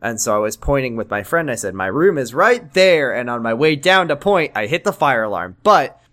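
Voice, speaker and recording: A young man co-hosting a casual podcast, recapping a TV episode with animated jokes and frequent laughs. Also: mid-range voice, fairly quick. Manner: animated, jokey, laughs often. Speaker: podcast co-host.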